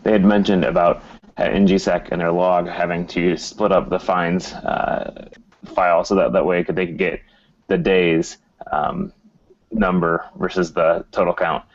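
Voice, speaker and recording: Deep-voiced man leaving a voice message. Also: little pitch movement, a little slow. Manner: hesitant, many fillers. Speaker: listener sending in audio. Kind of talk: recorded voice message. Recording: dull lo-fi voice message.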